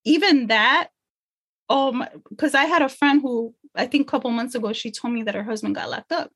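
A woman's voice: fairly high pitch, a little fast, a bit bright, slightly rough. A woman empowerment coach in a casual podcast conversation, speaking earnestly and emotionally from her faith.

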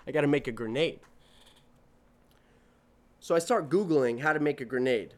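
A man's voice: mid-range voice, measured pace, pauses often. A man in his twenties hosting a solo podcast, telling stories in a rambling, profane, self-correcting way. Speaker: podcast host. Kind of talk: casual solo podcast monologue.

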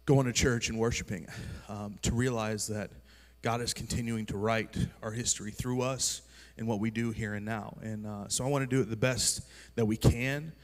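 Casual pastor in a reverberant church hall. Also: male voice, lowish voice, moderate pace. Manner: relaxed, conversational with many fillers. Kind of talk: sermon.

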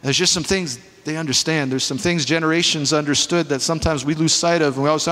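A male pastor preaching a sermon in an animated, emphatic, conversational way, with asides to the congregation, in a church sanctuary. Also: on the high side, fast, big-room sound.

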